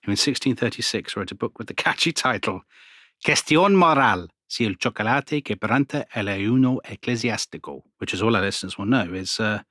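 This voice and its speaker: A man co-hosting a history podcast, telling stories in an animated way and laughing often. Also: on the low side, fairly quick, no room sound, clean studio sound. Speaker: podcast co-host. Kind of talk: conversational history chat.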